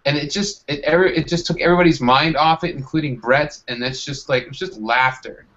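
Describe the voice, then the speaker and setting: A man's voice: a little high, fairly quick, fairly bright tone, muffled recording. A man chatting casually with friends, rambling as he reminisces. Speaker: friend of the host. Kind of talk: casual group chat.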